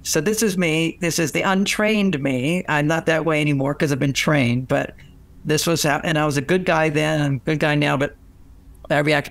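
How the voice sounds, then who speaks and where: A man's voice: a little high, normal speed, vocal fry. Older man telling stories animatedly. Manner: animated, acts out quoted voices, frequent restarts. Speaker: relationship author and guest. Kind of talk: conversational storytelling interview.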